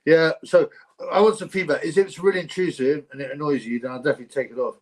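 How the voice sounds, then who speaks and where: A man's voice: on the high side, steady tone, fast. Chatty man hosting a livestream. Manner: chatty, laughs often, rambling with restarts. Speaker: livestream host. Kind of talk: casual livestream chat reading viewer comments.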